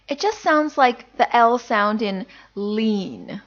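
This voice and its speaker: A woman's voice: a little high, animated, highs cut off. A woman teaching a beginner pronunciation lesson, patiently sounding out each letter and repeating it. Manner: patient, demonstrates sounds slowly and repeats them. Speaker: language teacher.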